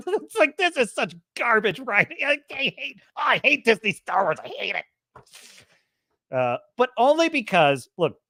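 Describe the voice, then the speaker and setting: A woman's voice: high voice, very animated, normal speed, bright, forceful tone, no room sound, clean studio sound. A woman hosting a show, ranting casually and sarcastically, laughing often and doing mocking impressions. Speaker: show host. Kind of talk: casual commentary rant.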